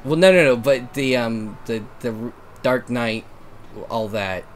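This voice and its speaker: A man's voice: medium pitch, measured pace, faint music behind. Rambling self-mocking man co-hosting a game. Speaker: co-host voicing the game. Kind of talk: casual visual novel let's play.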